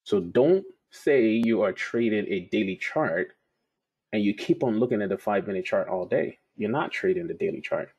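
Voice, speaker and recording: A man's voice: on the low side, expressive, moderate pace, a little mellow, breathy edge. A man teaching about trading in a casual, conversational way, telling stories and repeating his key points. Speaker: trading educator.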